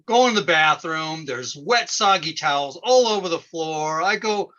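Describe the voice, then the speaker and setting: Man, stand-up comic, deadpan storytelling, bright edgy voice, dull lo-fi sound. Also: a little high, unhurried, few pauses. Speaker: stand-up comedian. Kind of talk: stand-up comedy.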